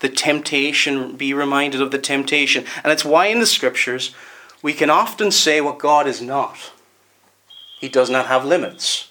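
A man with a Northern Irish accent preaching a sermon in an earnest, emphatic way, slowing down to stress key words. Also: medium pitch, pushed and bright.

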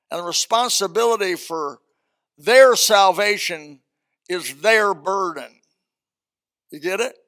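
An older pastor preaches in a church auditorium, folksy and emphatic, with joking asides. His voice sits high and has a bright edge. It carries a gravelly rasp. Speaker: senior pastor. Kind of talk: sermon.

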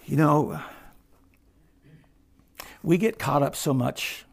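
Gravelly preacher, hushed then ringing. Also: male voice, on the high side, takes it slowly. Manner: swings from hushed to loud, ringing emphasis. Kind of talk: sermon.

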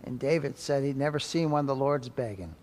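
A pastor preaching a dramatic sermon, swinging between loud exclamations and soft asides. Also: male voice, medium pitch, a little fast. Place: church sanctuary. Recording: long church reverb.

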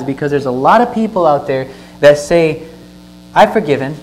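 A pastor reads verses aloud in his sermon, then teaches from them earnestly, stressing key words and putting questions to his listeners. His voice is fairly high, a little mellow, at normal speed. The audio is poor, with a faint mains hum underneath.

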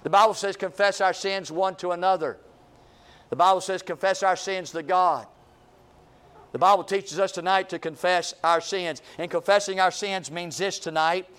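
A man preaching a revival sermon, repeating phrases and swinging from booming calls to hushed, low lines. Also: fairly even intonation, moderate pace, clear, resonant tone.

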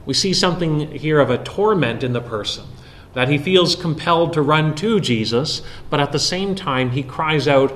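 A man preaching an expository sermon, explaining a Bible passage verse by verse with frequent pauses. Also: a little high, a bit bright, a little hiss or hum.

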